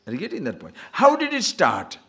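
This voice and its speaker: A man teaching scripture as a swami in a spiritual discourse, teasing his listeners with rhetorical questions and chanting short verses slowly. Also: high voice, a bit bright, breathy edge. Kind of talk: spiritual discourse to a live audience.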